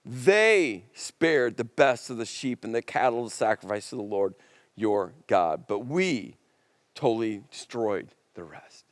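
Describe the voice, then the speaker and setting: A man's voice: medium pitch, animated, a little slow, no echo, voice pushed down, lightly acted. A man preaching, voicing a defensive ancient king who makes excuses and blames others. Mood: subdued. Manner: protesting, making excuses.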